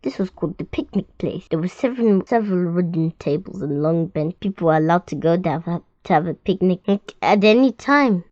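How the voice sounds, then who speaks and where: A woman reading children's picture books aloud, lively and expressive, with stumbles and restarts. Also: fairly low pitch, dry recording, highs cut off. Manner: expressive, loud character voices, stumbles and restarts. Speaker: storyteller.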